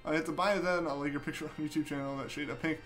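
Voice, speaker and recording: A man's voice: fairly high pitch, steady tone, very fast. Chatty young man streaming a game. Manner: chatty and easygoing, with frequent fillers. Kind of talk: casual live-stream chat, reading viewer messages aloud. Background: game music playing.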